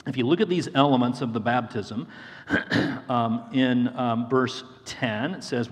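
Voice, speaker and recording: Male preacher, mid-pitched, earnest sermon delivery with repeated phrases, long hall reverb. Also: unhurried. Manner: earnest, repeats phrases for emphasis, addresses listeners as friends. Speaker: pastor.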